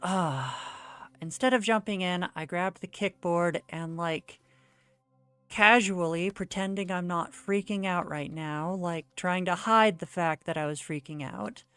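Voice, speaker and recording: A woman's voice: on the low side, measured pace, a bit bright, smooth, no echo, faint music behind. A young woman streaming while she draws, telling a rambling story in casual chat full of "like" fillers. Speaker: art streamer.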